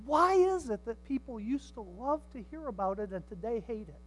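An older man preaching a sermon, swinging from hushed tones to shouts and acting out the people in his stories. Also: very high-pitched, animated, moderate pace, slight background noise, low-quality recording. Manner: dramatic, swings from hushed to shouting, acts out voices.

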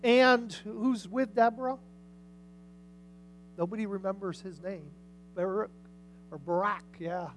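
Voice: medium pitch, fairly even intonation, measured pace, long pauses, a little hiss or hum, rough recording. Conversational pastor preaching a sermon. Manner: conversational, questions the congregation. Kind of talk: sermon with scripture reading. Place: church service.

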